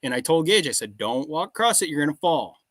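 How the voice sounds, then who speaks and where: A man's voice: a little high, big pitch swings, quick pace, fairly bright tone, dry recording. A man in his thirties, a farmer, talking casually and plainly on a podcast.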